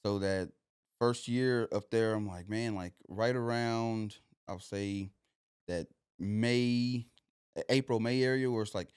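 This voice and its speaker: Low-voiced man telling stories. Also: takes it slowly, darkish tone, clear, resonant tone, no room sound, studio quality. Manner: loose, rambling, full of "like" and "you know". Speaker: podcast guest. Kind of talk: casual storytelling.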